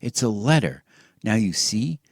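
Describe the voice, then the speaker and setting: A man voicing an excitable boy adventurer in a storybook reading, breathless and insistent, often near shouting. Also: lowish voice, a little slow, husky, dry recording, clean studio sound, pitched above the performer's own voice, heavily acted. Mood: excited.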